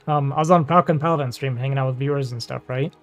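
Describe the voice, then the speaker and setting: A man's voice: medium pitch, fast talker, soft background music. A man who streams games, chatting casually, laughing often and trailing off with fillers. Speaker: streamer and game player. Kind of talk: casual chat.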